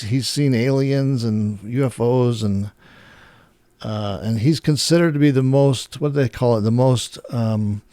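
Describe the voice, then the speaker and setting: A man's voice: mid-range voice, dark tone, dry recording. A man hosting, chatting casually and rambling with many fillers as he searches for words. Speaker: host. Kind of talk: casual chat.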